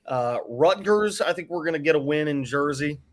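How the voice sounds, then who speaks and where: A man's voice: fairly high pitch, expressive, normal speed. A man who is a guest on a sports podcast, making wry, sarcastic predictions. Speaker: guest content creator. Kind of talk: casual sports chat.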